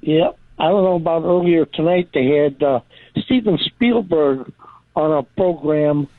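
A man's voice: a little high, a little slow, no echo. Hesitant male caller on a tinny phone line. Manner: hesitant, rambling, many fillers. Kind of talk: rambling call-in chat.

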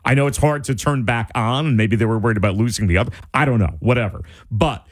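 A man telling a personal story in a casual, animated way, full of "like" and restarts. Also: mid-range voice, quick pace, no room sound, clean studio sound. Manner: animated, wide-ranging delivery, lots of "like" and restarts.

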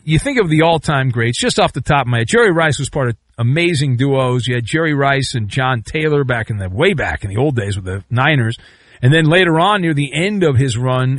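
A man hosting a sports talk show, riffing sarcastically and swinging between loud bursts and low asides. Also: no echo. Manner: sarcastic, riffing with mock quotes. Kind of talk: sports talk radio commentary.

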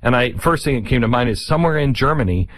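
A man's voice: mid-range voice, expressive, fast talker. Sarcastic rambling male commentary host. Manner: rambling and sarcastic, with many restarts and asides. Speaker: show host. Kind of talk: casual political commentary monologue.

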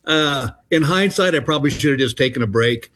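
A man's voice: fairly high pitch, lively intonation, a little fast, a bit bright. A middle-aged man, a comedian guest telling rambling anecdotes in a casual interview. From Texas. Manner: rambling anecdotes with restarts and acted-out voices.

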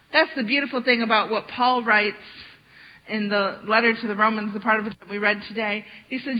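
A woman's voice: a little high, fairly even intonation, fairly quick. Conversational woman pastor, dull lo-fi sound. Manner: conversational, with rhetorical questions to the congregation. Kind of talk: sermon.

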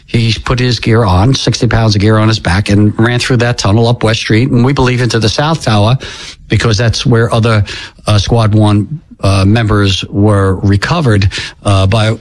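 An older American man telling a painful family story in an interview, halting and repeating words, his voice climbing when moved. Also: fairly low pitch, poor audio. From United States. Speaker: interview guest.

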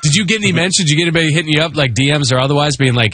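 A man hosting a sports radio show, talking in an animated way and reading ad copy briskly. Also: fairly high pitch, crowd noise. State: losing his voice.

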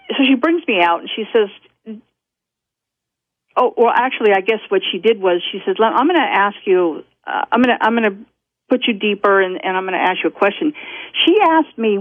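A woman recounts a personal story down a thin, tinny telephone line. Her speech is dry and close, full of restarts and small laughs. Her pitch sits in an ordinary middle range. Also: dry recording. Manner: rambling, self-interrupting, laughs often. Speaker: guest.

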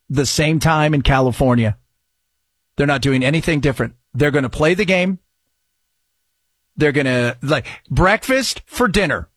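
A man hosting a radio talk show, his voice sitting a touch high and sounding very dry and close to the mic. He riffs excitably and cracks jokes as he goes. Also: dry recording. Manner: excitable, jokey, riffing. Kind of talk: casual talk radio commentary.

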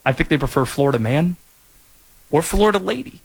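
Chatty animated male sports radio host. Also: on the high side, fairly quick, creaky, breathy edge. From North Carolina. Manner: animated, chatty, jokey asides. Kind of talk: casual sports talk.

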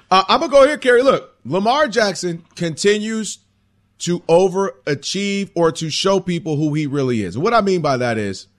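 A man hosting a sports radio show, talking in an animated, sing-song way and laughing often. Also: high voice, normal speed. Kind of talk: casual sports talk. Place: radio studio.

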